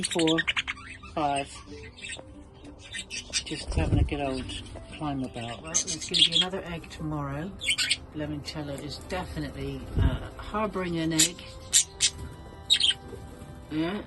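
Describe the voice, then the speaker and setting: A bird keeper chatting casually in a vlog, coaxing the budgies in a fond baby-talk tone. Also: mid-range voice. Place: outdoor aviary on a windy day. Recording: loud wind noise outdoors. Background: budgies chirping.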